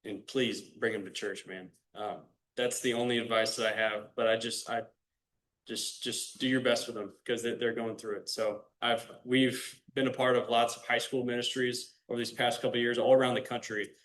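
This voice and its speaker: A young man from Illinois gives a personal faith testimony to a club audience. He speaks in an easy, conversational way and keeps turning to the listeners directly. His voice sits at an ordinary middle pitch. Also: flat delivery, moderate pace, fairly bright tone. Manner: casual, earnest, addresses the audience directly. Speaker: guest speaker. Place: club meeting room.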